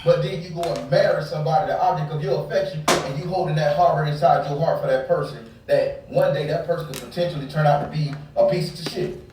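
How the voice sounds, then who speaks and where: A man's voice: on the high side, fast, hardly any pauses, recorded from a distance. A man ranting angrily and profanely in a casual heated talk, preaching at his listeners about relationships. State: angry. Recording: very echoey room, off-mic, faint background hum.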